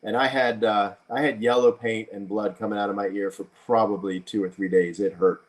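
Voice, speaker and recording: A man's voice: on the low side, fairly even intonation, a little fast. Rambling man telling a story. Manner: rambling storyteller with many restarts. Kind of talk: casual chat.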